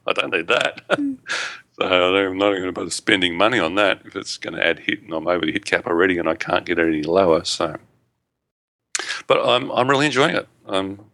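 A man co-hosting a podcast, chatting casually in a halting, rambling way with frequent restarts. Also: low voice, bright, forceful tone, dry recording. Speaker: podcast co-host. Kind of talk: casual chat.

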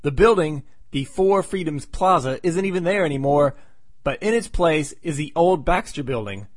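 A man's voice: on the high side, expressive, moderate pace, no echo. A man hosting a podcast, casually recapping a comic book plot with wry, sarcastic asides.

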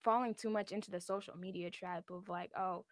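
A woman's voice: medium pitch, fairly even intonation, fairly quick, no room sound. A teenage girl, a basketball player, speaking reflectively in a studio interview, using many fillers. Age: teens. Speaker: high school basketball player guest. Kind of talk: podcast interview.

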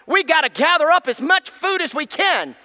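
A man's voice: very high voice, lively intonation, normal speed, sharp tone, long reverb tail, voice pushed up, heavily acted. A man voicing flustered little birds that fret about gathering food for winter. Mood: fretful. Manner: flustered, fretting. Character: fretting small birds, flustered.

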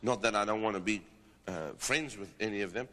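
Middle-aged preacher guy, super bright sharp voice, booming big hall echo, gets declamatory. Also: fairly quick. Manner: animated storytelling, rising into declamatory prophecy. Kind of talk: sermon with testimony and prophetic exhortation. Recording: long reverb of a large hall.

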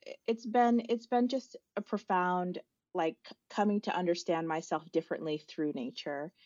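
A woman in her forties, a guest on the show, telling a personal story in a thoughtful, searching way, with frequent pauses and fillers. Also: medium pitch, a little mellow, no echo, muffled recording.

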